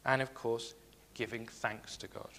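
Guy preaching a sermon, middle pitch, earnest and repeats himself, big echoey church hall. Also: little pitch movement, measured pace, bright, forceful tone. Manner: earnest, repeats key phrases, reads scripture aloud.

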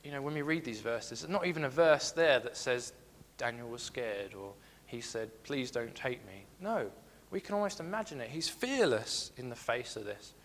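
A man's voice: medium pitch, animated, normal speed, hardly any pauses, a bit bright, in a large hall. A man giving a sermon, earnest and repeating his key phrases as he reads scripture aloud. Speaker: preacher.

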